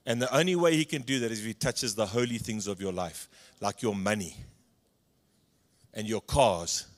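A middle-aged man from South Africa preaching a sermon, telling personal stories and acting out the dialogue, swinging between loud passages and hushed ones. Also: fairly low pitch, moderate pace. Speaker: pastor.

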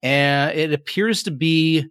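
A man's voice: fairly high pitch, slow, fairly bright tone, smooth, no room sound, clean studio sound. A man narrating a tabletop game as game master, describing scenes in a rambling way with many fillers.

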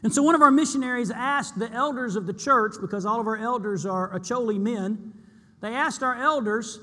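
A man's voice: very high-pitched, moderate pace, sharp tone, big-room sound. A man preaching a sermon to his church, earnest and emphatic, repeating key lines for weight.

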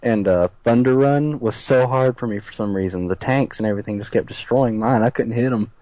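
A young man in a casual gaming chat, talking haltingly and restarting with "uh" and "I mean.". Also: mid-range voice, mellow, low-quality recording.

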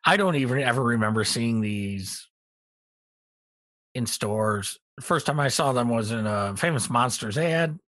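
A man's voice: mid-range voice, a little slow, no echo. Rambling middle-aged man, dry close sound. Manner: relaxed, rambling with many ums. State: tired, yawning. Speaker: podcast co-host. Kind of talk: casual hobby news chat.

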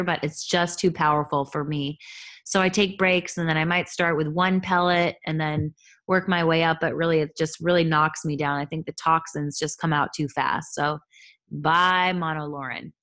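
A woman's voice: low voice, moderate pace. A woman in her thirties, a holistic health coach, talking candidly and chattily on her own podcast. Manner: candid, chatty, animated asides. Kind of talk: solo podcast monologue.

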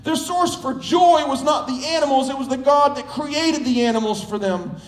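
A man's voice: very high voice, moderate pace, echoey room, rough recording. A man preaching a sermon as pastor, emphatic and building through repetition.

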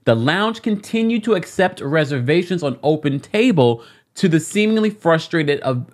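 Lively London woman reading news aloud. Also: sits low. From England. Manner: animated, breaks off reading to react. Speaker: podcast co-host.

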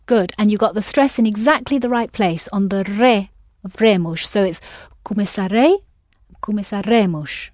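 A woman's voice: medium pitch, normal speed, few pauses, darkish tone, no room sound, studio quality. A woman teaching an audio language lesson, patiently prompting and correcting her students.

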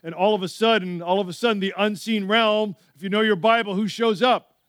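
A male pastor preaching a sermon, telling stories with lively asides to the church. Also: sits high, brisk, clean tone, dry recording, clean studio sound. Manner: animated storytelling with frequent asides.

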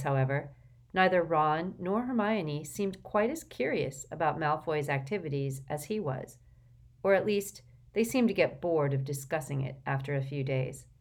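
Lower-voiced woman reading a novel aloud. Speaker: audiobook reader. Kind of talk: scripted narration.

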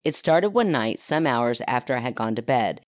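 A woman's voice: extremely low pitch, lively intonation, moderate pace, no echo, studio quality. A woman hosting a podcast, chatting casually with laughing asides and reading out a listener's story. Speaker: podcast host.

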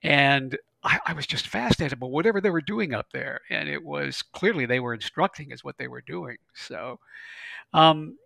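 A middle-aged man, a glider pilot, telling stories in a folksy, animated way during an interview. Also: fairly high pitch, normal speed, creaky, dry recording. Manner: folksy, animated storyteller with laughs and stammers. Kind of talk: conversational interview storytelling.

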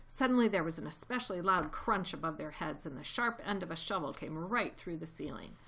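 A woman narrating a children's storybook aloud, gently expressive. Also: lowish voice, fairly quick, vocal fry.

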